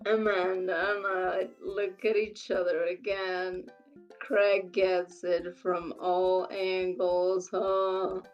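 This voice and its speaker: A woman's voice: fairly low pitch, flat delivery, slow pace, far from the mic, lo-fi sound, soft background music. A young woman streamer reading a dating game aloud in casual chat, giggly and wry. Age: young adult.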